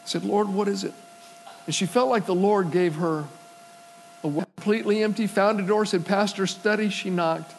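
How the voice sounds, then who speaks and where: A man with a high, light voice preaching in a storytelling way. He acts out the people in his stories and swells into emphatic preaching. A faint hum sits under the recording. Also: steady tone, normal speed, vocal fry, low-quality recording. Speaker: pastor. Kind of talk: sermon.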